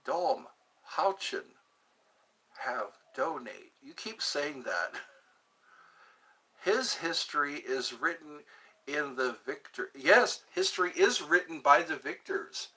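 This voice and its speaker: A young man rambling excitedly on a live stream, chatting with viewers and reading out comments. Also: on the high side, takes it slowly, slightly rough. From United States. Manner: rambling, excitable, breaks into sung bits. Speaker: livestream host.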